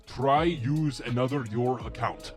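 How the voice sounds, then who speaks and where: A man putting on a Russian accent to voice a blunt male scammer who speaks broken English in short, flat replies. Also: medium pitch, measured pace, music in the background, natural voice. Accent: put-on Russian.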